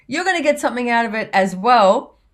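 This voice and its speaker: A woman's voice: fairly high pitch, expressive, a little fast. A woman hosting a podcast, chatting casually and laughing often as she tells stories. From Australia. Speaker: podcast host and author.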